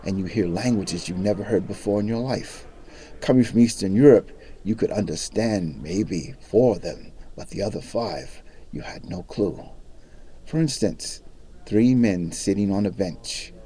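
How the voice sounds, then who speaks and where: A man's voice: lowish voice, lively intonation, unhurried, mellow. A middle-aged man working as a national park ranger, telling history as a dramatic story with varied emphasis. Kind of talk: storytelling guided talk.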